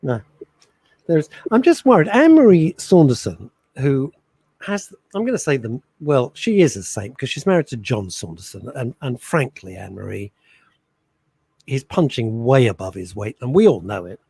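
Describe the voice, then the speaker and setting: A man's voice: medium pitch, big pitch swings, normal speed, creaky, mellow, breathy edge, dry recording. A man co-hosting a casual radio chat show, joking while reading listener messages.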